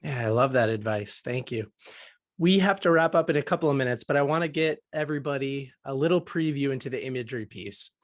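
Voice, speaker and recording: A man's voice: medium pitch, brisk, dry recording, clean studio sound. A man hosting a podcast over a video call, asking his guest questions in a friendly, upbeat way. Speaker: podcast host. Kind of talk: interview questions.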